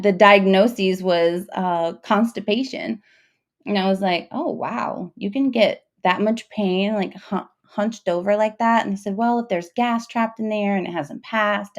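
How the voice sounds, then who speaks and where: Young mom telling a rough story, halting, lots of likes and ums, mid pitch. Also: female voice, a little mellow. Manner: emotional, halting, with many fillers and restarts. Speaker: mother telling her story. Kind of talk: casual personal storytelling.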